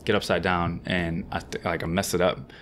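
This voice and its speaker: A man guesting on a podcast, telling an animated, slangy anecdote about his riding career. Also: deep voice, slight background noise. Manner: fast-talking. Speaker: guest BMX rider. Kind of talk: casual storytelling.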